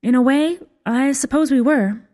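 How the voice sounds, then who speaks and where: A woman's voice: sits high, moderate pace, warm tone. A woman reading a first-person fantasy story aloud with a wry, dry humor. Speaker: story reader. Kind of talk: scripted fiction narration.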